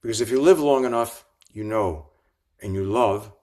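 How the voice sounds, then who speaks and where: An older man, a rabbi and author, telling reflective stories with gentle humor in an interview. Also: fairly low pitch, moderate pace. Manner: reflective, warm anecdotes with gentle humor and restarts. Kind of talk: storytelling in an interview.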